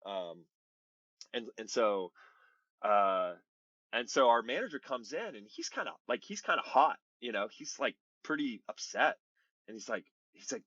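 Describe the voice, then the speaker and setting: A man in his thirties, a baseball pitcher telling his story as a podcast guest in an earnest, rambling way, full of "like" and "you know". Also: lively intonation, moderate pace, a bit bright, dry recording, lo-fi sound. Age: 30s. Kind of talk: casual interview storytelling.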